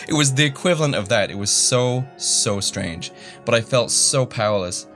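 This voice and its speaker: A man's voice: mid-range voice, moderate pace, a bit bright, soft background music. A young man telling a story in a rambling, self-deprecating way, full of fillers and restarts. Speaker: YouTuber. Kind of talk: casual storytelling.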